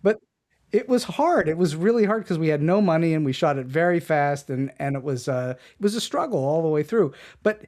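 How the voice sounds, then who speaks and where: A man's voice: on the high side, brisk. A man hosting an interview podcast, telling stories with energy and laughing often. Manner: animated storyteller, laughs often. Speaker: podcast host. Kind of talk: casual interview chat.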